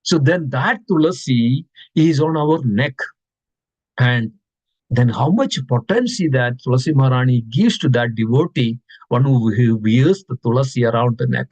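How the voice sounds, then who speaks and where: A man's voice: mid-range voice, lively intonation, normal speed, a little mellow, dry recording, rough recording. A man giving a devotional scripture class, reciting verses and asking his listeners questions, often repeating words for stress. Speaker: class speaker.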